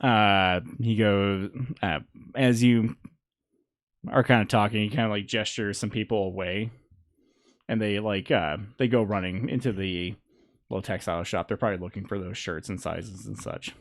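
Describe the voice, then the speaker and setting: A man's voice: on the low side, steady tone, normal speed, no room sound, clean studio sound. A man narrating a tabletop game as game master, loose and casual, often laughing.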